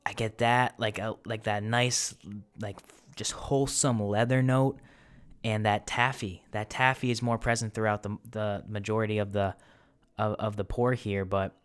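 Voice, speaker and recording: A man with a low, smooth voice hosts a casual whisky tasting at home. He rambles, fills his talk with fillers and drifts off on tangents. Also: fairly even intonation, normal speed. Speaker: host. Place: apartment.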